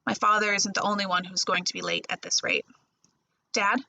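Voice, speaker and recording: A woman librarian reading a first-person novel chapter aloud in a steady storytelling voice. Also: mid-range voice, quick pace, creaky, low-quality recording. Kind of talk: audiobook-style novel reading.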